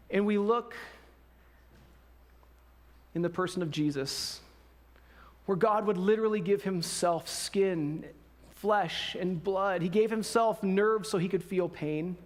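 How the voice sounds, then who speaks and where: Male pastor, sermon, conversational storyteller, casual slang, slightly high voice. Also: slow pace, long pauses.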